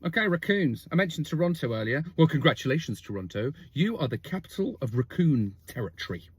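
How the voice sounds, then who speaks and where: Sweary high-voiced man. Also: fairly quick, breathy edge, dry recording, clean studio sound. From London, England. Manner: sweary, animated, jokey asides. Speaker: video host. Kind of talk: comic fact-list monologue.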